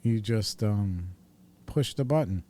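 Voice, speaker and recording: A man's voice: on the low side, lively intonation, slow pace, warm tone, no room sound. A man hosting a podcast, telling a story in a blunt, profane, streetwise way. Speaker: podcast host. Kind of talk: casual storytelling monologue.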